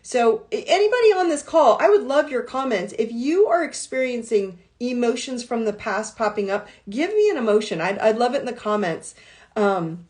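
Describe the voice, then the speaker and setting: A woman's voice: on the high side, very animated, normal speed, darkish tone. A woman coach giving an earnest, encouraging live-stream talk full of repeated affirmations. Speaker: life coach.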